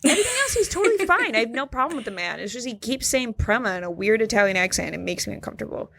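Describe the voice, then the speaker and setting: A young adult woman co-hosting a podcast in casual chat, animated and sarcastic, jumping into high mocking voices. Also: very fast, creaky. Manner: animated, sarcastic, mimics voices with sudden high pitch jumps. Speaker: podcast co-host.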